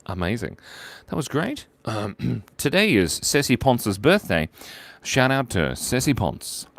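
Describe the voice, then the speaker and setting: A man's voice: medium pitch, very animated, unhurried, gravelly, a bit bright, dry recording. Playful man sketching live for viewers. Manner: playful, jokey, narrates while drawing. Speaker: livestream drawing host. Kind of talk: live drawing stream chatting with viewers.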